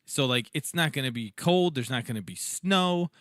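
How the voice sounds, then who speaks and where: Joking and teasing through casual chat, a podcast co-host with a medium-pitched, fairly bright voice riffs with acted-out voices, his intonation lively and pace moderate. Studio-quality sound, no room noise.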